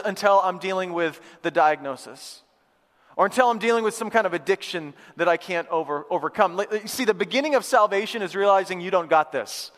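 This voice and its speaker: A male pastor giving a lively, conversational sermon to a live church congregation, repeating phrases for emphasis. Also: high voice, a little fast. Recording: long hall reverb.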